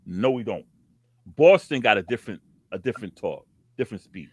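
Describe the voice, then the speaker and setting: A man's voice: fairly low pitch, lively intonation, fairly quick, no room sound, studio quality. A man from the Bronx, co-hosting a podcast with a New York accent, playful, laughing often and acting out bits of dialogue. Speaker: podcast co-host. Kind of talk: casual chat.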